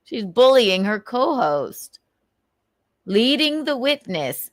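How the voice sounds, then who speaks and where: Slow, animated woman venting on a livestream. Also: mid-range voice, no echo, studio quality. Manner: rambling, gossipy, swears freely. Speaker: livestream host. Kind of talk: casual livestream chat.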